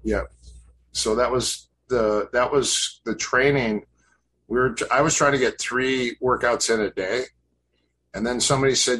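A man's voice: medium pitch, moderate pace, fairly bright tone, a little hiss or hum, poor audio. Man in his fifties reminiscing, faint ambience. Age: 50s. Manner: rambling, reminiscent, with many fillers and restarts. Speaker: podcast guest, grappling coach. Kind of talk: casual interview storytelling.

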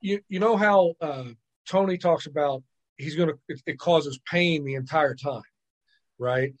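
A man, a podcast guest, telling stories in lively casual chat, often repeating words and checking in with "right?". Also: fairly high pitch, unhurried. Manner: animated storyteller, repeats words and asks "right?". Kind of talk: casual storytelling.

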